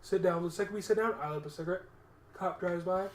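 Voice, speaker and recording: A man co-hosting a podcast, telling a story in a casual, animated and profane way. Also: sits high, quick pace, reverberant. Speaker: podcast co-host.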